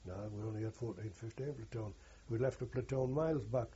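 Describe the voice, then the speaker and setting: An older war veteran, being interviewed, gives a long oral-history account that is rough, earthy, and rambling, often pausing to correct himself. His voice is dark, very husky, medium-pitched, and brisk, and the recording sounds dull and lo-fi.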